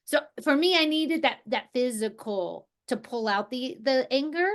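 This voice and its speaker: A woman from New Jersey leading an energy healing group over a video call, talking in a relaxed, rambling way with many restarts. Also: sits high, a little slow. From New Jersey, USA. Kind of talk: casual guided group talk.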